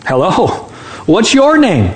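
A man's voice: high voice, huge pitch swings, slow, reverberant, slight background noise, exaggerated voice. A man playing a puzzled telemarketer. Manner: puzzled, increasingly insistent questions. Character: puzzled adult male telemarketer.

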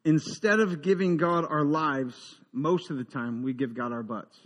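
A man preaching a humorous, conversational sermon, dropping into quiet asides and rising into emphatic build-ups. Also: fairly high pitch, measured pace, big-room sound. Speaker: pastor.

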